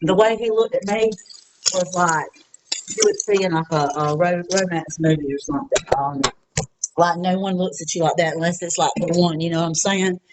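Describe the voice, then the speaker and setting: A heartbroken woman, speaking alone at home in a raw confessional vlog, halting with many fillers and pauses, close to tears. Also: on the low side, fairly even intonation, noisy background. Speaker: vlogger. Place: her apartment.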